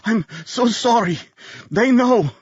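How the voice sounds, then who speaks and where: A man's voice: very high voice, animated, slow, slightly rough, highs cut off, voice pushed up, full character voice. A man voicing a dying older man with an Eastern European accent, gasping and desperate.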